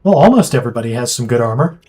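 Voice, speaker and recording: A man streaming a strategy game, chatting casually and thinking aloud with quick asides. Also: medium pitch, animated, a little mellow, faint music behind. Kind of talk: casual gameplay chat.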